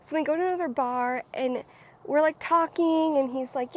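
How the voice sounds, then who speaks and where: A young woman telling a casual storytime to her viewers, animated and dramatic. Her voice sits high, and she fills her talk with "like" while building up the story. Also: moderate pace. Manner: animated, dramatic, many filler "like"s. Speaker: vlogger.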